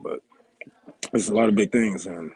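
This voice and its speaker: A man calling in from a train station, talking quietly and haltingly with many fillers. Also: fairly low pitch, rough recording. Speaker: guest calling in.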